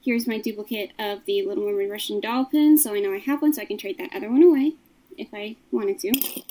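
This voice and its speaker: A woman's voice: medium pitch, brisk, mellow, a little hiss or hum, poor audio. A woman casually showing her collection, describing each item in a matter-of-fact way. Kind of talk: casual show-and-tell of a collection.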